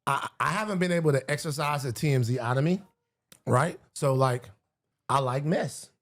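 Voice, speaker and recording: Emphatic, gravelly man. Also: medium pitch, moderate pace, a bit bright. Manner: emphatic and slangy, with lots of restarts. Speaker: guest. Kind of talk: casual chat.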